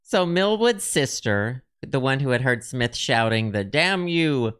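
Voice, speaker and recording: A man's voice: medium pitch, animated, a little slow, a bit bright, clean tone. A man co-hosting a casual podcast chat, reading old testimony aloud with a lifted, dramatic delivery. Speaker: podcast co-host.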